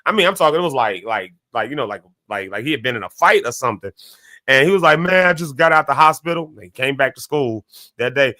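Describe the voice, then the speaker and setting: A man hosts a morning talk show in a casual, reflective style. His voice is bright and forceful, with a close, dry sound. He tells stories in an animated way, often restarting mid-sentence and leaping up in pitch. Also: fast talker, no echo. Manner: animated storyteller, many restarts, sudden jumps in pitch.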